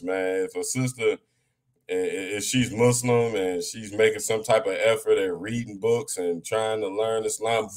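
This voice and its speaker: Low-voiced man, halting casual talk. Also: steady tone, darkish tone. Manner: halting, with many fillers and restarts; joking, conversational. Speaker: host of a religious live reading.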